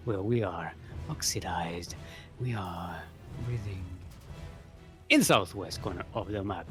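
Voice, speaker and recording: A man's voice: low voice, takes it slowly, long pauses, fairly bright tone, faint music behind. A man casting a live strategy-game match with a playful, joking manner. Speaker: esports caster.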